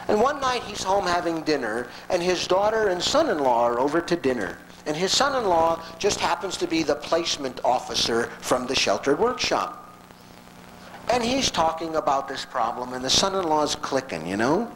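A man giving a lecture as a story, animated and conversational, acting out the people in it. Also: on the high side, moderate pace, a little hiss or hum, rough recording. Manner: animated, conversational, acts out quotes.

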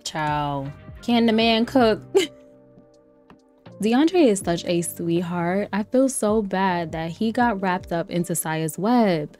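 A young woman giving casual commentary on a life-simulation game, chatty and playful, laughing often and breaking into excited exclamations. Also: medium pitch, takes it slowly. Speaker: let's play streamer. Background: faint lofi background music.

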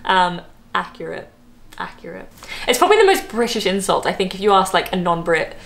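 A woman's voice: lowish voice, big pitch swings, brisk, creaky, a bit bright. A young Australian woman chatting casually to camera as a vlogger, laughing often and drifting into asides.

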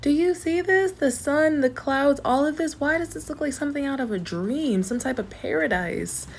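A woman's voice: high-pitched, animated, normal speed, gravelly, slight background noise. A woman vlogging on a hiking trail, chatty and enthusiastic, with slangy asides and at times out of breath. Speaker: travel vlogger. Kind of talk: casual vlog narration and on-the-go talk.

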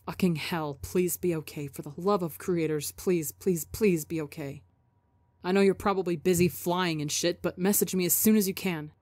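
A woman's voice: on the low side, steady tone, moderate pace, darkish tone, no room sound, lightly acted. A woman voicing a frantic young man pleading and swearing in a message, in a storybook reading.

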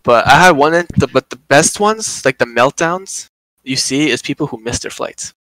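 A young man hosting a podcast, telling a work story in casual, animated chat, swearing a lot and acting out quotes. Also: mid-range voice, moderate pace, no room sound, low-quality recording.

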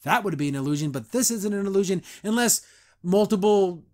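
A young man with a fairly high, light voice hosts a podcast review. He talks loosely and chattily, quoting characters in quick put-on voices and laughing between points. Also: expressive, a little mellow. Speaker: podcast host reviewing a cartoon. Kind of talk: casual reaction commentary.

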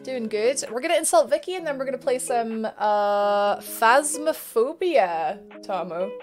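A young woman streaming live, chatting in a playful, giggly way as she greets viewers one by one. Her voice is high and her speech unhurried, with faint music behind her. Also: expressive. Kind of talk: casual live-stream chat.

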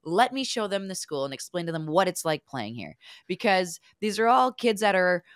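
A woman with a notably low voice, co-hosting a relaxed podcast chat. She tells stories animatedly and slips into the voices of the people she quotes. The sound is close and dry, with no room around it. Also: moderate pace, dry recording. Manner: animated storyteller who acts out quoted lines. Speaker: podcast co-host, former hockey player.

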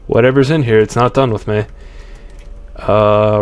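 A man's voice: lowish voice, steady tone, measured pace, pauses often, clean tone, dry recording. A man commentating on a horror game, jumpy and swearing often as he reads the game's text aloud. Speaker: let's play commentator. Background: game music.

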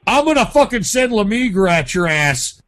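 A man with a fairly high voice rants and swears on prank phone calls, and he is loud and abrasive the whole way through. His voice sounds close and dry, with almost no room around it. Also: very animated, normal speed, no echo. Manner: loud, profane, ranting. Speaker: prank caller host.

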